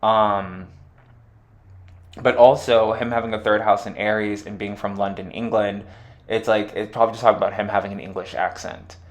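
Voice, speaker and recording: A man's voice: fairly low pitch, level tone, moderate pace. A man giving a casual solo astrology chart reading, rambling with lots of fillers and offhand jokes. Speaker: astrology reader.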